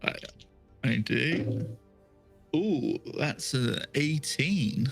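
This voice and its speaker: A man's voice: medium pitch, lively intonation, drawn-out words, gravelly, faint music behind. A man playing in a tabletop game, laughing often and talking in a playful way. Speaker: player. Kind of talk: casual tabletop play.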